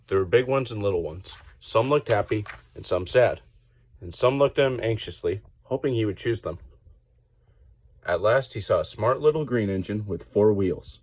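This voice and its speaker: A man reading a children's storybook aloud in clear, steady narration. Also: deep voice, normal speed.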